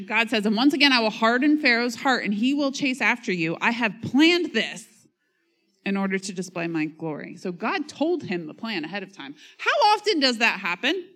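A woman's voice: a little high, big pitch swings, normal speed, a bit bright. A woman pastor preaching a sermon in a conversational way, reading scripture, acting out quotes and joking at her own expense. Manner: conversational, self-mocking humor; reads scripture and acts out quotes.

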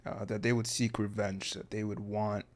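A man hosting an interview podcast. His voice sits low, and he asks long, hesitant questions that unfold in several parts. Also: little pitch movement, normal speed. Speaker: podcast host.

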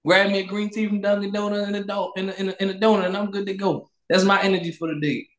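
A man with a high voice talks casually and preaches a little, circling back to the same catchphrases. The sound is roomy, with a clear echo. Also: little pitch movement, quick pace, a bit bright. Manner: loose, preachy, repeats catchphrases. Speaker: podcast host. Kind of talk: casual chat.

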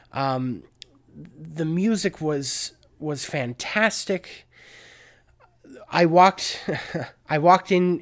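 A young man hosting a solo podcast, talking in a rambling, chatty way and often correcting himself. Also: on the high side. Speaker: podcast host. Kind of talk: casual solo monologue.

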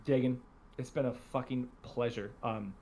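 A man's voice: medium pitch, fairly even intonation, moderate pace, warm tone. A man in his thirties hosting a podcast, telling family stories in casual chat, laughing and swearing freely. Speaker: podcast host.

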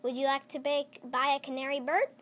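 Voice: high voice, flat delivery, a little fast, a bit bright, slight background noise. A child reading a storybook aloud and voicing a pushy travelling pet seller in a near-plain voice.

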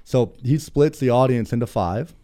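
Male podcast co-host, excitable storyteller, mellow tone, loose casual delivery. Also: medium pitch, moderate pace. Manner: excitable storyteller, heavy use of "like" and "dude". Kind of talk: casual chat.

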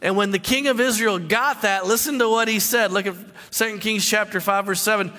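A male pastor delivering a sermon, emphatic and given to repeating words as he drives points home. His voice is high and bright. It carries the long reverb of a large hall. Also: steady tone, brisk.

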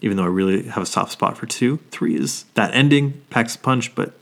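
Low-voiced man swearing through casual chat. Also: expressive, brisk, vocal fry. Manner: swears a lot, gets emotional about movies. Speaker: podcast co-host.

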